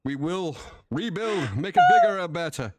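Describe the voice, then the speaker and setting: A man's voice: a little high, very animated, no echo. A man playing a doting old rancher dad. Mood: tender. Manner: dramatic, drawn-out, prone to frantic shouting. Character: doting, emotional older male rancher father. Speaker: roleplay streamer. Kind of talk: live roleplay voice acting.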